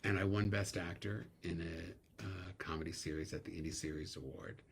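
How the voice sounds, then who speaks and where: A middle-aged man, a guest actor, telling animated stories in a casual interview, laughing now and then. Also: low voice, brisk, vocal fry, husky.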